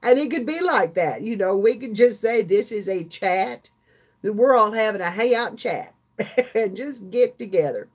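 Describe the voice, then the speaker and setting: A woman's voice: mid-range voice, expressive, moderate pace, darkish tone. An older woman, hosting a casual live stream chat, chatty and laughing often as she talks to her viewers. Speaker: craft channel host.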